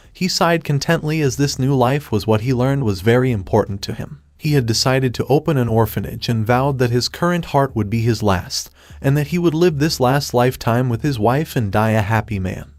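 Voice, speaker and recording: A synthetic male voice narrating a fan fiction story in a flat, even reading that spells out sound effects. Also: medium pitch, normal speed, dry recording, studio quality.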